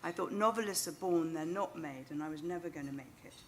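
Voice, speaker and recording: On a small club's stage, a middle-aged novelist with a British English accent speaks fast in a low-pitched voice, over slight background noise. Into the microphone, she shares an anecdote poking fun at herself.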